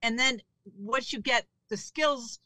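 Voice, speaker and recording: A woman's voice: fairly high pitch, slow pace, pushed and bright, no echo. A woman being interviewed as a comedian and author, speaking candidly in a conversational way. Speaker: actress, comedian and author guest. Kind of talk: casual interview chat.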